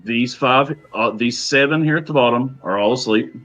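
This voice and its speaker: A man running a tabletop game as game master, talking in a hesitant way with many fillers and pauses. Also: mid-range voice, a bit bright, soft background music. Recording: dull lo-fi recording.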